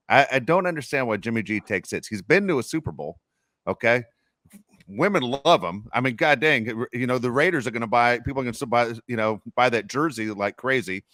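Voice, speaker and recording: A man's voice: medium pitch, fairly bright tone, dry recording, clean studio sound. A man co-hosting a sports podcast, talking football in an emphatic, opinionated, rambling way. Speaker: podcast co-host. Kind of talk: casual sports talk.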